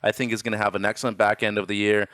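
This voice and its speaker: A man's voice: on the low side, flat delivery, rapid-fire, fairly bright tone, no echo, studio quality. A man giving casual analysis as co-host, upbeat and rambling with fillers.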